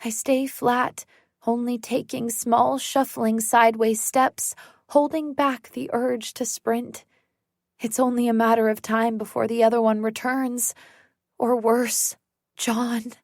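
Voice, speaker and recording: A woman reading a first-person thriller audiobook in a slow, tense, dramatic manner. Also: a little high, flat delivery, no room sound, studio quality. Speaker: audiobook narrator.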